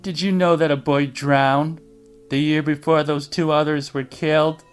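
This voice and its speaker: A man voicing a calm, unhinged middle-aged woman killer who speaks in a quiet, bitter, menacing tone. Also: on the high side, a little slow, smooth, soft background music, close to an everyday voice.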